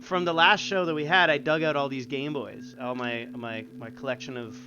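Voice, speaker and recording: A man's voice: medium pitch, steady tone, normal speed. A young man co-hosting a podcast, chatting casually in a laid-back, rambling way and swearing freely. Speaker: podcast co-host. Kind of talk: casual chat. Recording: dull sound with clear noise.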